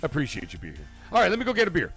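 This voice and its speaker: A man's voice: a little high, very fast, faint music behind. A man hosting a casual live stream, swearing freely and telling rambling stories while reading viewer comments. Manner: profane, rambling, animated storyteller. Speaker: livestream host.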